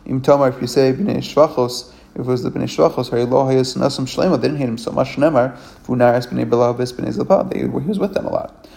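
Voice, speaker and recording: A man's voice: medium pitch, a little fast, vocal fry, darkish tone. A man teaching a religious text, reading each verse aloud and then translating it phrase by phrase, with frequent fillers and self-corrections. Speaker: Torah teacher.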